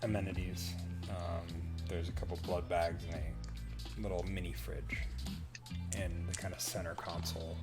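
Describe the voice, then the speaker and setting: A man's voice: sits low, little pitch movement, normal speed, over loud music. A man narrating as game master in a tabletop game, hesitant and descriptive.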